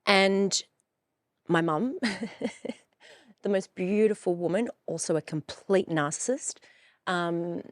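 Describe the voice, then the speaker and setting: A woman in her forties tells a personal story frankly and with emphasis, swearing freely. Her voice sits a little low. It is recorded close and dry. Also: takes it slowly, pauses often, no room sound. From Australia. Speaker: coach and podcast host.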